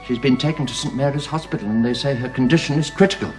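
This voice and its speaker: An actor playing a polite, flustered elderly English gentleman who speaks formally and hesitates often. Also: mid-range voice, fast talker, music in the background, natural voice. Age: older. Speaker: grandfather of the household. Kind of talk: 1930s period radio drama.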